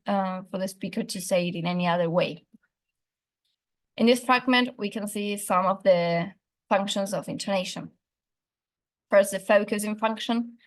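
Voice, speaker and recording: Woman explaining an assignment methodically. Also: medium pitch. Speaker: student presenting an assignment. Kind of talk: prepared academic presentation.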